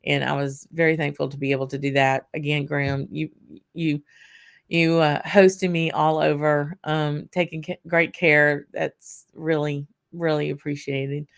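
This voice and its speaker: Tired woman with a gravelly low voice. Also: flat delivery, a little slow. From Louisiana. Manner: chatty, many fillers and restarts. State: tired, voice going hoarse. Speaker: whisky channel host. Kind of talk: casual vlog recap.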